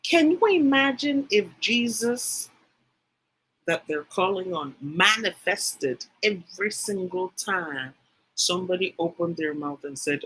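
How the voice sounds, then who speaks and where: A woman's voice: fairly low pitch, lively intonation, slow, fairly bright tone, breathy edge, rough recording. A woman giving a livestreamed spiritual teaching talk. She speaks emphatically, repeats phrases for stress and speaks directly to her live chat viewers.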